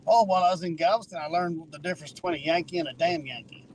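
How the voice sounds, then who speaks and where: A man with a southern Ohio accent and a slightly high voice, trading jokes from the passenger seat. Faint noise from the moving car sits behind him. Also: racing, low-quality recording. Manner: jokey, laughing storyteller. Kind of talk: casual chat.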